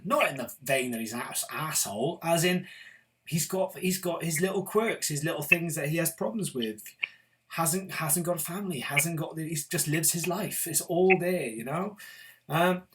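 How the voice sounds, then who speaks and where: A man's voice: fairly high pitch, fairly bright tone. A man from Britain hosting a casual film review chat, enthusiastic and opinionated, with the odd swear word. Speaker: film show host.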